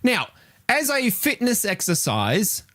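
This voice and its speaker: This is a retro gaming streamer reacting to a list, a man whose high voice takes its time. The studio-quality audio has no room sound, and his live commentary on the game ranking is an animated, swearing, exasperated rant of disbelief.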